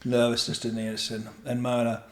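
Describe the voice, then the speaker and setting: At normal speed and in a mid-range voice, a middle-aged podcast guest shares a raw story from his own life. The candid interview takes place in an echoey room in his home, and he curses freely while acting out other people's words with animation.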